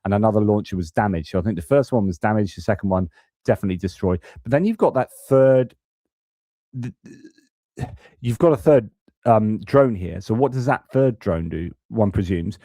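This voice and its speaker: Mellow, low-voiced man hosting live news. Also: moderate pace, no room sound, clean studio sound. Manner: casual, thinking aloud over footage. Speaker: host. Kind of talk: live-stream news commentary.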